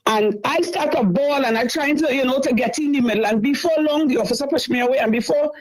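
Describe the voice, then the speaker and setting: A middle-aged woman with a high-sitting voice talks fast as she calls a talk show with an upsetting story. She repeats herself along the way, and the recording is low quality.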